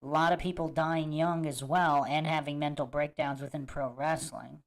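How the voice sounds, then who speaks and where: A man's voice: fairly high pitch, fairly even intonation, normal speed. A man hosting a livestream, chatting casually to viewers and reacting to clips with a musing, emphatic manner that repeats points. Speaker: host of a livestream commentary show.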